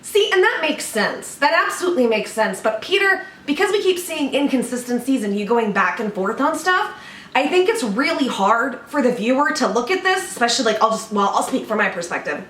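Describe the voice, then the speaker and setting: Blunt high-voiced woman in an echoey room. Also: big pitch swings, fairly quick, a bit bright. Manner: blunt, casual, swears freely. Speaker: commentary vlogger reacting to a video. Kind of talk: casual reaction commentary. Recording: echoey room, distant mic, faint background noise.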